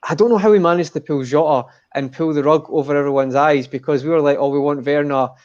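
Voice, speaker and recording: A man's voice: a little high, quick pace, darkish tone, muffled recording. A man confidently making football predictions in a casual fan panel chat.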